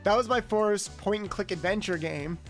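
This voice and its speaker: A woman's voice: medium pitch, moderate pace, faint music behind. A young adult woman streaming a video game as a VTuber, chatting casually and rambling with her viewers, swearing freely. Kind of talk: casual gaming stream chat.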